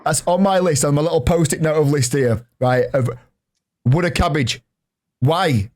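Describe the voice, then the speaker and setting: A man with a Yorkshire accent hosting a casual podcast, chatty and jokey, reading out shout-outs. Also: a little high, moderate pace. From Yorkshire, England. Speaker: podcast host.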